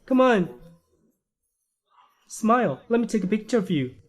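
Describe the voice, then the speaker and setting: A man playing a nosy, excitable young man in a dubbed drama, with a teasing, eager manner. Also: sits high, measured pace, full character voice.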